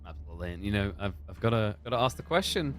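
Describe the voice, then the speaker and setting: A man with a fairly low voice interviews a player on an esports broadcast. He asks chummy, teasing questions in a casual tone. Faint music sits underneath. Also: very animated, racing.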